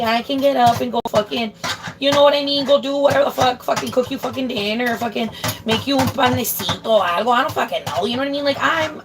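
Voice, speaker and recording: Young woman rambling in her kitchen, cursing nonstop, slips into spanish, kinda high voice, lots of clatter behind. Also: fast talker, noisy background. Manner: swears a lot, mixes in Spanish phrases. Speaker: streamer. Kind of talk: casual chat while cooking. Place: home kitchen.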